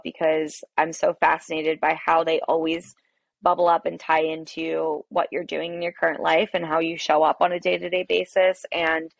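Animated woman telling a story, dry close sound. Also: on the low side, vocal fry, dry recording. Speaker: podcast guest, coffee shop owner. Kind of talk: casual interview storytelling.

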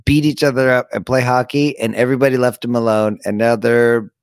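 A man joins a comedy podcast, his voice mid-pitched and even. He fires off crude quips and laughs a lot. The recording is dry and close. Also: fairly quick, clean tone, no room sound. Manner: wisecracking, crude jokes, frequent laughter. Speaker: podcast co-host. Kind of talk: casual comedic chat.

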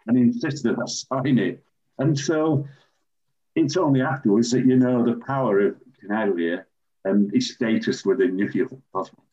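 An older man from England, a former referee, telling animated anecdotes as an interview guest. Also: medium pitch, moderate pace. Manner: animated raconteur, acts out quoted voices. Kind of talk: anecdotal storytelling. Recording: dull lo-fi recording.

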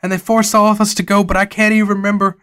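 A man's voice: high voice, little pitch movement, very fast, fairly bright tone, clean tone, pitched above the performer's own voice. A man voicing a nervous male park worker who stammers out a warning. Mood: urgent.

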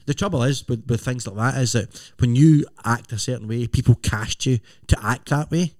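A man's voice: mid-range voice, moderate pace, darkish tone, dry recording, clean studio sound. Rambling podcast host man. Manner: rambling, self-interrupting. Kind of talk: casual chat.

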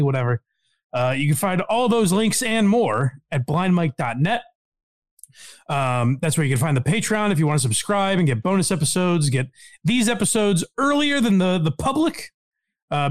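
A man hosting a casual podcast, talking in a wry, sarcastic way. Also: high voice. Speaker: podcast host.

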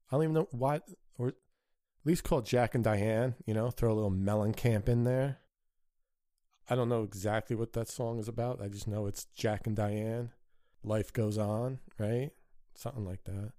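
A man's voice: mid-range voice, moderate pace, warm tone, no room sound, clean studio sound. A man hosting a podcast, delivering a crude, sarcastic solo rant with an exasperated tone. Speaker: podcast host.

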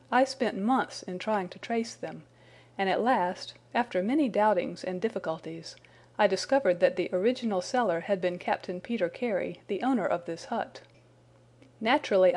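A woman's voice: mid-range voice, darkish tone, lightly acted. Woman reading a nervous young man spilling his story, earnest and explaining, plain storybook read. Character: anxious young man confessing under arrest.

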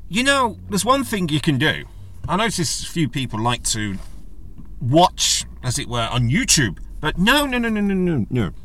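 Lively rambling man chatting. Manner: rambling, chatty and jokey, with animated pitch jumps. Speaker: podcast host. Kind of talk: casual solo podcast chat.

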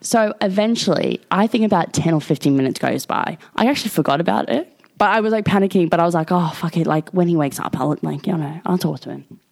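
A young woman tells a story on her podcast in casual, animated chat. Her voice sits fairly low for a woman. She swears freely and laughs often. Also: fast, creaky. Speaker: podcast co-host.

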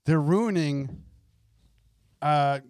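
A man's voice: on the high side, extremely slow, a little mellow, clean tone, no echo, clean studio sound. Laid-back man co-hosting a podcast. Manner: laid-back, agreeable, sarcastic asides. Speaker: podcast co-host. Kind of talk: casual podcast chat.

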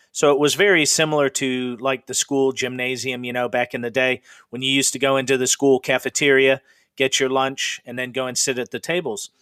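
A man's voice: mid-range voice, a bit bright, clean tone, dry recording, studio quality. A middle-aged man from the Pacific Northwest, hosting a podcast and telling ghost stories in a chatty, rambling way with frequent fillers. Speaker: podcast host. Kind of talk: casual ghost storytelling.

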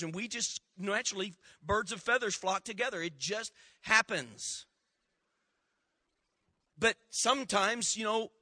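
Preacher guy, high voice, real bright and sharp, folksy storytelling sermon. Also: dry recording. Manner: folksy, storytelling preacher calling for congregation response. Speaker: pastor.

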